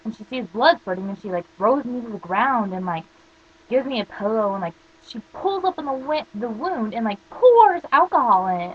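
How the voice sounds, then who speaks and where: Rambling teenage girl, husky lo-fi voice. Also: on the high side, lively intonation, normal speed. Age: teens. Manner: rambling storytelling, constant "like" fillers. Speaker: vlogger. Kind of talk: casual rant to camera.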